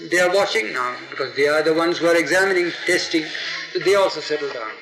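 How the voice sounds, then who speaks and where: A man telling an oral history story in an animated, digressive way, acting out the people in it. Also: on the high side, fast talker. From India. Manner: animated, digressive, acts out the quotes. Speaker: storyteller, interviewee. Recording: echoey archival tape with music.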